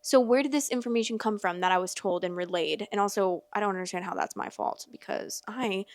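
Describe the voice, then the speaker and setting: A young woman at an ordinary pitch tells a personal story, casual and animated, with plenty of "like" fillers. Her voice sits close and dry, with no room sound around it. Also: a little fast, no echo. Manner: chatty, animated, many "like" fillers. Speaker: podcast host.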